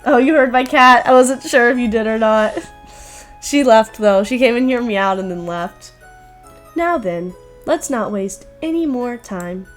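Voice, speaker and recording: A woman's voice: on the high side, measured pace, soft background music. A young woman chatting casually to viewers while streaming a visual novel. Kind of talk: casual game stream chat.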